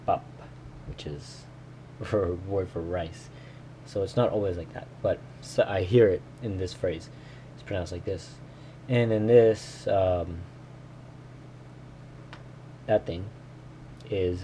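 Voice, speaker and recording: A man recording a casual study vlog, slowly sounding out and repeating words he is learning, with small self-deprecating laughs. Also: deep voice, dark tone, a little hiss or hum. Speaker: language learner vlogger.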